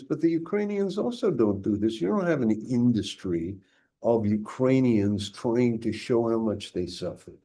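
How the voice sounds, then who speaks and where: A man's voice: mid-range voice, mellow. An older man, a guest historian, talking emphatically in an interview with frequent restarts. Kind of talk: conversational interview.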